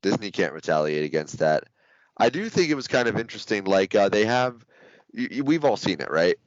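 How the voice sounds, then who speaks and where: A man's voice: lowish voice, sing-song, fairly quick, dry recording. A man co-hosting a podcast in casual chat, hesitant and full of fillers. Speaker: podcast co-host. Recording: dull, muffled audio.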